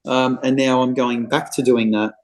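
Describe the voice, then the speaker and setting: A man's voice: mid-range voice, level tone, normal speed, a little hiss or hum, poor audio. A middle-aged man with an Australian accent, a real estate agent telling anecdotes in a casual podcast interview. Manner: chatty, anecdotal storyteller.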